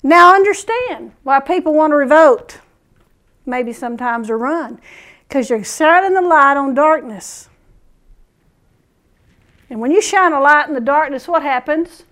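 A woman preacher giving a sermon, telling stories in an animated way and chuckling often. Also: high voice, unhurried, pauses often.

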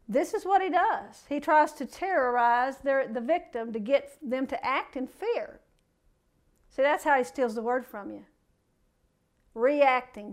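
A woman with a high voice preaches a sermon. She reads scripture aloud, then drops into folksy, plain-spoken asides to her listeners.

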